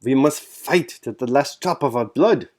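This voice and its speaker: A man's voice: medium pitch, lively intonation, a little slow, a little mellow, pitched above the performer's own voice, lightly acted. A man putting on a stiff old German colonel. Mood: emphatic. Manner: emphatic, stresses single words.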